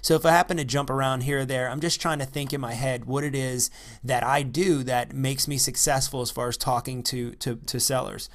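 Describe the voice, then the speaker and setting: A man giving an unscripted coaching talk into a microphone, energetic and repetitive, often checking in with "all right?". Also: mid-range voice, fairly quick. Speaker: real estate investing coach. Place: by the ocean.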